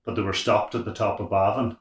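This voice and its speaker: Low-voiced man asking questions. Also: steady tone, fast. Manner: prompting, laughing through anecdotes. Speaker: interviewer, family member. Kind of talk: casual chat. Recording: roomy echo.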